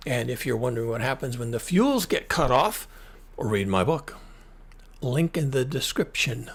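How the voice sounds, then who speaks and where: Gravelly, husky man, emphatic commentary. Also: mid-range voice. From United States. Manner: emphatic, repetitive, with frequent restarts. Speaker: climate commentary channel host. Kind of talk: solo screen-share commentary.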